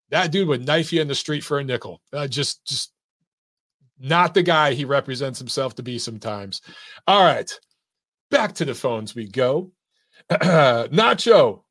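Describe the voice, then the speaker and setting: A man's voice: mid-range voice, lively intonation, normal speed, fairly bright tone, no echo, studio quality. A man hosting a call-in boxing show in casual chat, laid-back, swearing and laughing easily.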